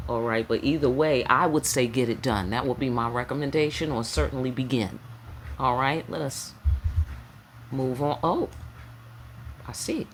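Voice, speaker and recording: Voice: medium pitch, a little hiss or hum. A tarot reader giving a casual spiritual reading, talking in an emphatic, repetitive way with slang and frequent check-ins with the listener. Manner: slang-laced, preacherly delivery.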